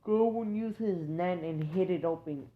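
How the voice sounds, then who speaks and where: A woman's voice: on the low side, unhurried. A woman improvising a fan-fiction story, rambling and hesitant, correcting herself often. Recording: dull lo-fi recording.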